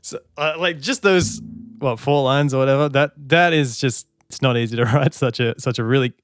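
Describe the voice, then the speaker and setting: Man analysing songs, smooth clear voice, dry close sound, sings snippets to demonstrate. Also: medium pitch, moderate pace, no room sound, soft background music. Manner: breaks off to sing and count beats to demonstrate. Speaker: songwriter reacting to an album. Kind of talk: music analysis commentary.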